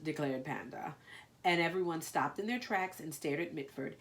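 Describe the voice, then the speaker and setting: A woman's voice: low voice, normal speed, vocal fry, fairly bright tone, slight background noise. A woman with a nasal voice reading a picture book aloud and breaking off for playful, gushing asides. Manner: playful, gushing asides between read lines.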